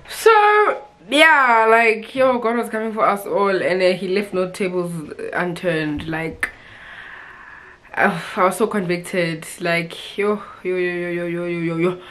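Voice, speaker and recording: A young woman talks straight to her camera in a loose, expressive vlog chat. Her voice sits a little low for a woman, and she keeps it lively with laughs and fillers. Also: unhurried. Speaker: vlogger.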